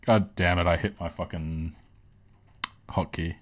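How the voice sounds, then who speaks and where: A young Australian streamer and host rambles casually through meme-reaction commentary from his home setup, laughing and swearing often. His voice is low and steady, his pace measured.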